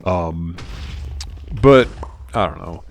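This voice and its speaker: Man, deep voice, muted mumbly low-energy gameplay commentary, understated. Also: lively intonation, very slow, gravelly. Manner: soft, muted, mumbly delivery. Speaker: gaming channel host.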